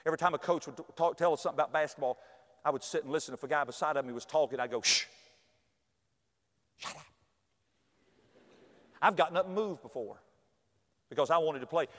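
A high-pitched man tells a personal story with lively, animated delivery. He acts out the voices of other people and bursts into shouts now and then. His voice rings through a large hall with a long reverb. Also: very fast. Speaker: speaker telling a personal story.

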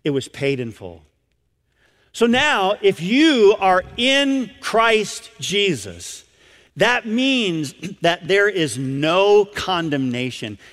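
A man preaching a sermon as pastor, emphatic, with dramatic pauses and questions put to the congregation. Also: high-pitched, big pitch swings, fairly bright tone, big-room sound.

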